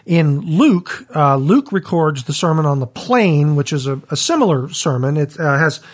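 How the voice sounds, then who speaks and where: A man in a conversational Bible discussion, speaking in a thoughtful, measured way. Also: on the high side, animated.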